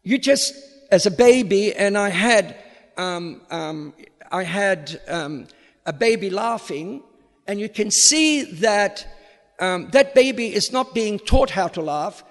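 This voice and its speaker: A man with an Australian accent with a slight American tinge, a priest giving a public lecture in an unhurried way, repeating words as he searches for the next. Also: high-pitched. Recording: long reverb of a hall.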